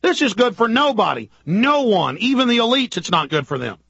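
A man hosting a radio talk show, delivering an urgent, ranting political monologue full of rapid-fire rhetorical questions. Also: extremely high pitch, sing-song, creaky, a bit bright, husky, no room sound, lo-fi sound. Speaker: radio host.

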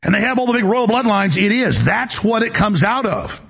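A man's voice: high voice, lively intonation, normal speed, gravelly, fairly bright tone, breathy edge. A male talk show host delivering an emphatic, rambling political monologue, often repeating words as he goes.

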